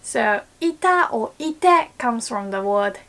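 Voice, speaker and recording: A young woman with a Japanese accent gives a casual video lesson, her voice sitting a little high for a woman. She talks in an animated way and acts out small panicked exclamations as she goes. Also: slow pace. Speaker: Japanese language teacher.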